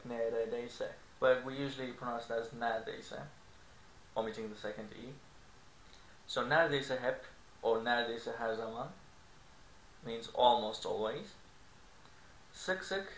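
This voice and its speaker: Man, language teacher, patient explanations, mid pitch, echoey room. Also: a bit bright. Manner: explanatory, frequent "okay?" and "you know". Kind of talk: online language lesson. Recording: echoey room with faint noise.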